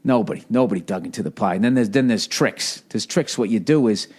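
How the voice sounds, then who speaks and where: A man's voice: fairly low pitch, a little fast, a little mellow, husky. Rambling, profane male podcast host. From United States. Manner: rambling, profane, self-mocking. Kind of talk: casual monologue.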